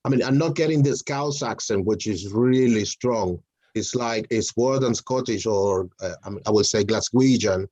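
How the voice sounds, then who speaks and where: A man's voice: medium pitch, normal speed, hardly any pauses, darkish tone, no echo, muffled recording. A man with a Spanish accent in a casual group video call, talking hesitantly with many fillers and restarts. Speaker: mentoring session participant.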